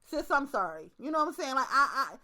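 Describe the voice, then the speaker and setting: Young woman host, high bright voice, profane and lively storytelling monologue. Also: fast. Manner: profane, animated storytelling with acted asides. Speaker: channel host. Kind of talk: casual monologue to camera.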